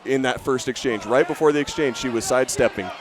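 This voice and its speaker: A man's voice: medium pitch, fast. A man doing live fight commentary, chatty and upbeat, often stumbling and restarting his sentences.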